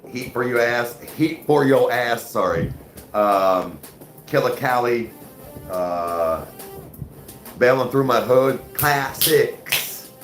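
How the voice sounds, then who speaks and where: A man's voice: lowish voice, fairly bright tone, echoey room. A man hosting a livestream, chatting casually with viewers in a loose, profane way full of "like", "dude" and "bro". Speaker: livestream host. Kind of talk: casual chat reading viewer comments.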